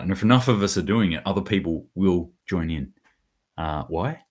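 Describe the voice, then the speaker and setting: A man hosting his own daily preparedness commentary, talking casually and bluntly, rambling a little and swearing now and then. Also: sits low. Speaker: host of a daily preparedness news show.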